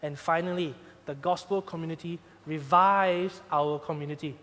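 A male pastor delivers an emphatic sermon in a notably high voice. His points build to loud peaks before dropping to hushed, gentle stretches. The sound rings with the long reverb of a large hall. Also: steady tone, moderate pace. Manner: emphatic preaching, rises loud then drops soft.

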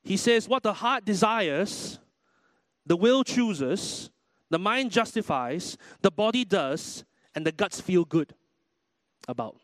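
A man preaches a sermon in a church, his voice sitting high for a man. He talks animatedly and acts out little quoted exchanges. The sound is dry and close. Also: lively intonation, slow pace, fairly bright tone, no echo. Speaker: pastor.

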